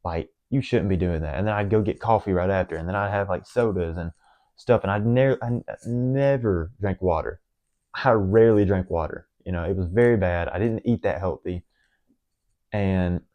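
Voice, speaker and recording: A young man with a drawl speaks in a lowish voice. He rambles earnestly through a personal confession to the camera, stumbling over restarts and fillers. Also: a little mellow, dull audio. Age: young adult. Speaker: vlogger.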